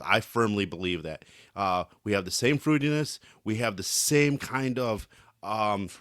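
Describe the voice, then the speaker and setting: A man's voice: on the low side, no room sound, studio quality. A man co-hosting a podcast, telling stories animatedly and acting out what others said, with jokes. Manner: animated storyteller, acts out quotes, jokey. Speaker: podcast co-host. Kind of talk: casual chat.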